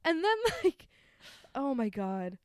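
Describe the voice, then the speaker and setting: A young woman co-hosts a casual podcast, recapping a movie with sarcastic jokes, frequent laughter and plenty of swearing. Her voice sits a bit high and sounds smooth and clear. The close microphone keeps it dry. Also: sing-song, slow, dry recording. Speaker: podcast co-host. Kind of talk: casual chat recapping a film.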